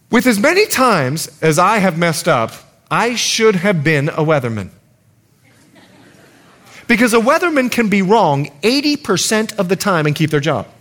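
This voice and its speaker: A middle-aged man from the United States, a pastor preaching a sermon in a lively, humorous way. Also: high voice.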